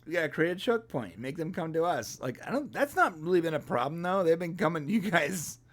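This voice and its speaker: A man co-hosting a casual show-review chat, joking and acting out scenes in quick quoted voices. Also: a little high, very animated, fairly bright tone. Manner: jokey, acts out scenes in quoted voices, laughs often. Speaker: podcast co-host.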